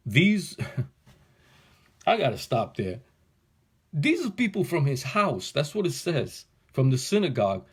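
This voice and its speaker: A man's voice: fairly high pitch, takes it slowly, long pauses, breathy edge. A male pastor teaching a Bible passage verse by verse, speaking in a casual, slangy way that rises into fervent preaching. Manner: casual, slangy, animated, building to fervor.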